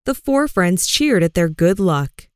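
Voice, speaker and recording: A woman narrating a folk tale in a slow, expressive storybook style. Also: on the low side, no echo, clean studio sound. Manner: slow, expressive, clearly paced.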